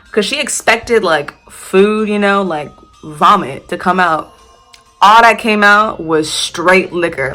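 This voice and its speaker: A woman's voice: lowish voice, a bit bright. A young American woman casually telling a storytime tale, chatty, laughing and swearing freely. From United States.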